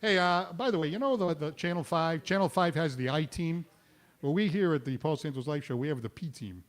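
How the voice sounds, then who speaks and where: A man hosting a live comedy show in a restaurant, telling pun jokes with quick self-mocking asides. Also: a little high. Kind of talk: stand-up jokes and banter.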